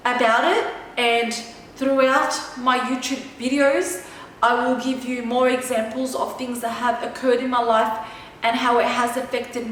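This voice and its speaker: Woman vlogger, high voice, emphatic chatty storytelling; very echoey room, distant mic, faint noise. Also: fairly bright tone. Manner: emphatic, chatty, keeps checking in with "okay?". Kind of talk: personal storytelling to camera.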